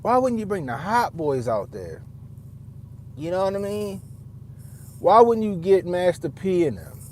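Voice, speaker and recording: Rambling, profane man with a mellow voice. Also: high voice, big pitch swings, a little slow, slight background noise. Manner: profane, rambling, repeats himself. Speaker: commentator; father. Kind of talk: casual commentary.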